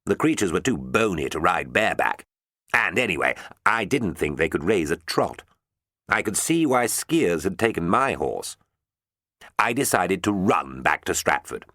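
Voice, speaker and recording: A man narrating an audiobook in an expressive storytelling manner. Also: sits low, moderate pace, no room sound, clean studio sound.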